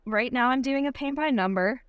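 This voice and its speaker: Her voice sits high and moves a little fast, clear and resonant with no echo. This young Michigan woman, a guest athlete with a Michigan accent, chats casually on a podcast, upbeat, giggling often and using plenty of "likes."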